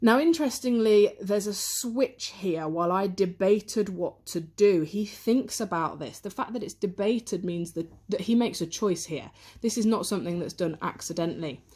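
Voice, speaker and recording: A woman's voice: medium pitch, expressive, moderate pace, few pauses, darkish tone, husky. A woman teacher giving a revision lesson on a poem, reading quotes aloud and explaining them in close analytical detail, recorded on a handheld camera.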